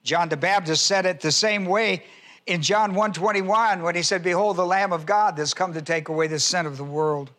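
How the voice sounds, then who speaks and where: High, bright-voiced male preacher teaching. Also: steady tone. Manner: spells out words and cites scripture references in a teaching tone; repeats key phrases slowly for emphasis. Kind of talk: sermon teaching.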